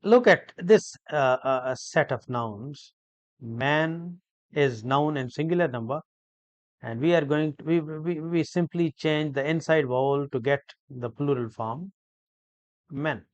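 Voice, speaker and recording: A man teaching an English grammar lesson, explaining each word slowly and deliberately, with frequent hesitations and repeated phrases. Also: a little high, dry recording, lo-fi sound. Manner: slow, deliberate, repetitive explanation with many hesitations.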